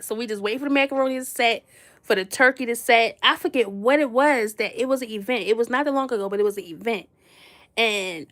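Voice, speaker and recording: A woman's voice: medium pitch, fairly bright tone. A woman telling a funny personal story in a casual, slangy way, laughing often and teasing playfully. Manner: slangy, chatty, addresses listeners directly.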